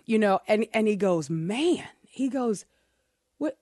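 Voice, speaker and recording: Animated middle-aged woman telling a story. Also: medium pitch, moderate pace, no room sound, studio quality. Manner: animated, self-deprecating, laughs while telling. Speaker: co-host. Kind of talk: casual storytelling chat.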